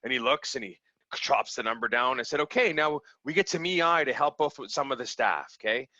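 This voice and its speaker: A man, a small business owner from Canada, telling stories in a casual, animated way and acting out the people he quotes. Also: mid-range voice, a little fast, no echo, lo-fi sound. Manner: animated, acts out quoted people, laughs easily. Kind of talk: casual storytelling over video call.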